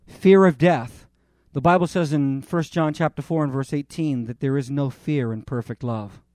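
Man, pastor, sermon, impassioned, swelling and dropping volume, high-ish voice. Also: moderate pace, darkish tone, dry recording, studio quality. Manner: impassioned, with dramatic rises and drops in volume; repeats himself and restarts while preaching.

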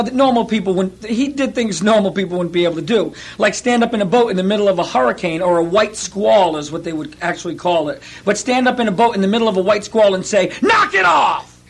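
A male pastor preaching a sermon, telling stories in an animated way and acting out quotes with laughs. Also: high voice, husky.

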